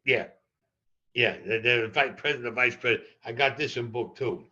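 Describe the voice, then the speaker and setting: An older man tells stories as an interview guest, blunt and profane. His voice is bright and forceful. The recording sounds a little dull and muffled. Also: mid-range voice, a little fast. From New York. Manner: blunt, profane, animated storyteller. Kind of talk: storytelling in a podcast interview.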